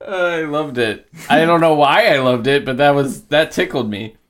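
A man's voice: a little high, normal speed, fairly bright tone. A man playing a tabletop game, cursing freely and mixing his character's lines with casual chat. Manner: swears a lot, mixes in-character lines with chat. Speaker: player. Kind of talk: casual tabletop role-play.

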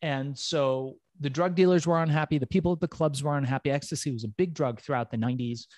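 A middle-aged man, a podcast guest, telling his own story in an animated way, swearing freely and acting out the voices of people he quotes. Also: fairly high pitch, quick pace, dry recording.

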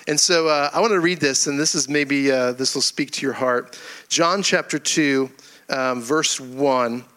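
A middle-aged male pastor from Florida delivering a sermon, telling a humorous personal story in a folksy, animated way. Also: medium pitch, measured pace.

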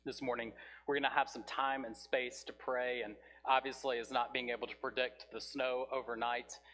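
A man's voice: mid-range voice, level tone, slight background noise. Man preaching in a reverberant church. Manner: earnest, builds volume on scripture then drops soft and slow. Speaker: pastor. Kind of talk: sermon. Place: church sanctuary. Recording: reverberant hall.

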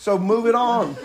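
A man with a slightly high voice teaching in a relaxed, sermon-like way. He talks conversationally and drives his points home with emphasis. Short laughs slip in between his points. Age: adult with a young daughter. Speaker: Bible teacher. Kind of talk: casual sermon-style teaching.

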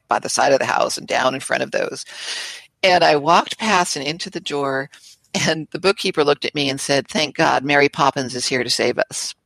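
An older woman recounting her career as an interview guest, in a lively, anecdotal way with quoted voices. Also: extremely low pitch, vocal fry, no room sound. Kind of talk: storytelling in conversation.

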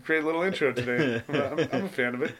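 A man's voice: medium pitch, quick pace, a bit bright, a little hiss or hum. A young man hosting a podcast in a laid-back, joking chat, swearing freely and laughing often. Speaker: podcast host. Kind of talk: casual chat.

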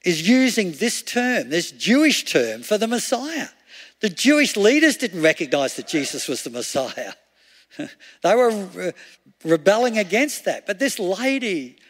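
A man's voice: sits high, fairly bright tone. Man preaching in a reverberant hall. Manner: chatty, laughs often, rhetorical questions. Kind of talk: conversational sermon.

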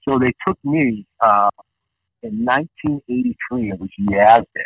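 A man in his fifties, a guest calling in, telling rambling nostalgic stories in an animated way. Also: fairly high pitch, normal speed, creaky, no room sound. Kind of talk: casual storytelling. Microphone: phone line. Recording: dull phone-call audio.

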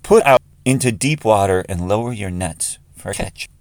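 A man voicing a calm, gentle teacher who speaks in an even voice. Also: on the low side, moderate pace, close to an everyday voice.

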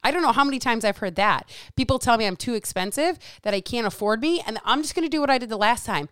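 A woman's voice: on the high side, expressive, fast talker, few pauses, a bit bright, clear, resonant tone, dry recording, clean studio sound. A middle-aged woman hosting a solo podcast as a diet coach, talking bluntly and sarcastically with plenty of swearing. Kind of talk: casual solo podcast rant.

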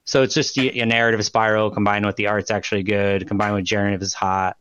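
A man's voice: lowish voice, flat delivery, fast talker, a bit bright, smooth, dry recording. A man co-hosting a casual chat who rambles loosely, swears and laughs often. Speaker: podcast co-host.

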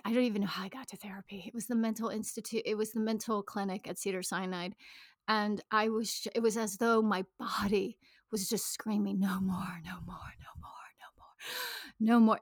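A woman's voice: medium pitch, dry recording, studio quality. A woman in her thirties telling her own story to an audience, intimate and emotional, often dropping into a whisper. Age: 30s. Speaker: speaker on money and shame. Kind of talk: personal talk to an audience.

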